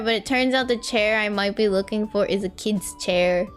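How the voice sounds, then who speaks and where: A woman's voice: mid-range voice, fairly even intonation, moderate pace, few pauses, soft background music. A young woman VTuber chatting casually on a live stream while she draws, rambling, laughing often and answering her chat.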